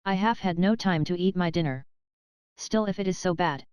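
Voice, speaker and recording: A woman's voice: lowish voice, moderate pace, a little mellow, smooth, dry recording, highs cut off, natural voice. A woman voicing a coarse, greedy Dutch midwife with a heavy Dutch accent and a blunt, haggling manner.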